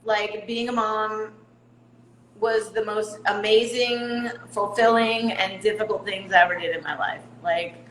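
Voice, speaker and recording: A woman's voice: medium pitch, fairly even intonation, unhurried, a little hiss or hum. Candid middle-aged woman in an echoey room. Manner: candid, laughs at herself. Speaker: guest. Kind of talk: casual interview talk.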